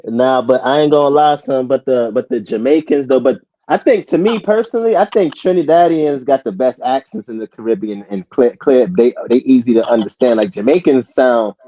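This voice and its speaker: A man's voice: mid-range voice, a little fast, few pauses, warm tone, no echo. A man, explaining things in a casual chat, easygoing and agreeable. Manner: laid-back, agreeable, explanatory. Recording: dull lo-fi sound.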